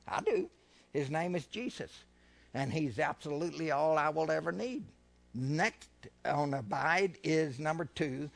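A man's voice: on the high side, creaky. A man preaching a sermon with fervour, questioning his listeners and drawing out and swelling his voice on scripture. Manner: fervent preaching, slows and swells louder when reading scripture; asks the congregation questions, repeats phrases.

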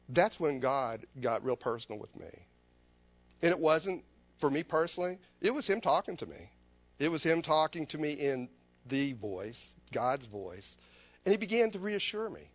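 A man's voice: fairly high pitch, animated, moderate pace, no echo. A man preaching a sermon as a personal testimony, earnest and confessional, often repeating his phrases.

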